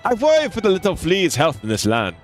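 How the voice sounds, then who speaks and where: A man puts on a fussy male bug brewer from a video game, talking in clipped, broken English with a hammy mock French accent. The voice swoops widely in pitch. Faint music plays underneath. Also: wildly swooping pitch, a little fast. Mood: worried.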